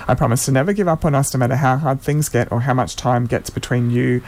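A man hosting a community radio show, casually reading listener shout-outs aloud and stumbling over names now and then. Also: mid-range voice, fairly even intonation, fast talker.

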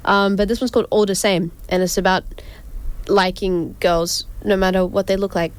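A woman's voice: medium pitch, fairly even intonation, moderate pace, clean tone. Giggly young woman radio host. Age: young adult. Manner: chatty, giggly, rambling with fillers. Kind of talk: casual radio chat. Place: radio studio.

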